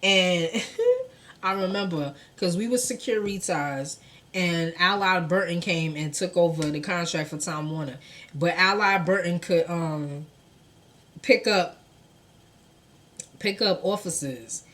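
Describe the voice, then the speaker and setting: A woman, telling a personal story to her viewers in an animated, profane, conversational way. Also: on the low side, takes it slowly, long pauses. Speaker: vlogger. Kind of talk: storytime vlog.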